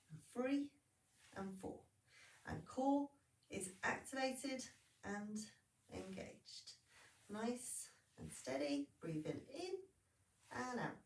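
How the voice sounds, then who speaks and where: A woman leading a Pilates class, giving calm, steady cues and counting through each exercise. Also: on the high side. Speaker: Pilates instructor. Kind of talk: guided exercise class instruction. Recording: echoey room, voice from a distance.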